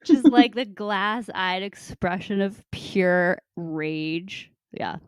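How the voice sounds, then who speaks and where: Smooth-voiced chatty woman podcaster. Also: medium pitch, slow pace, dry recording, clean studio sound. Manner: chatty, laughs along, opinionated. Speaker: podcast co-host. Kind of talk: casual chat about a TV show.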